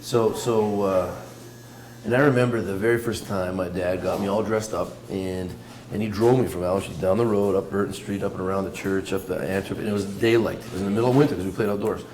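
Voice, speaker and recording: A middle-aged Canadian man tells his stories quickly and with energy, often doubling up his words. His voice sits fairly low. He was recorded at a café table in an echoey room, with steady noise in the background. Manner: animated, repeats words while telling stories. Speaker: guest, business owner. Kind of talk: casual interview storytelling.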